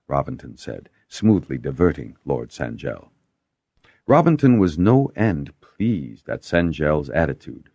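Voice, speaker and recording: A man's voice: a little slow, husky, dry recording, clean studio sound. A man narrating a fantasy audiobook and giving each character a voice of its own. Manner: voices many characters with lively pitch shifts.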